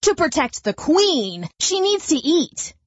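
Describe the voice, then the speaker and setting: A woman's voice: high-pitched, sing-song, takes it slowly, dry recording, muffled recording, pitched above the performer's own voice, heavily acted. A woman voicing a brash male guard bee who talks in cocky retorts and turns sheepish when scolded. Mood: defensive.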